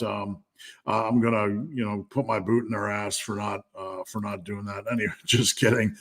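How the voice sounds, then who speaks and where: A man's voice: medium pitch, creaky, a bit bright. A man hosting a live stream Q&A as a strength coach, talking candidly and bluntly with lots of fillers.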